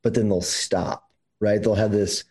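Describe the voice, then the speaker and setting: A man's voice: lowish voice, fairly even intonation, unhurried, darkish tone, breathy edge, poor audio. A man co-hosting a podcast in casual chat, emphatic and swearing freely, his voice climbing when he presses a point. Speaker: podcast co-host.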